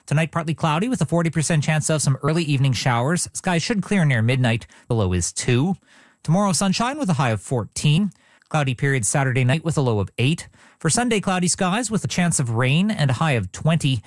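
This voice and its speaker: A man reading scripted radio news and the weather in an even, measured delivery from a studio. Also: on the high side, dry recording. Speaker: radio newsreader.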